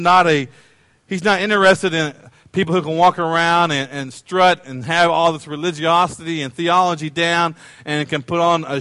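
A man's voice: fairly high pitch, a bit bright, no echo. A man preaching a sermon as a pastor, conversational and playful, often repeating his phrases.

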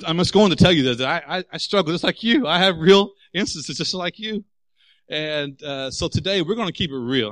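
A man's voice: fairly high pitch, bright, forceful tone, no echo. A man preaching a sermon as pastor, candid and emphatic, telling personal stories.

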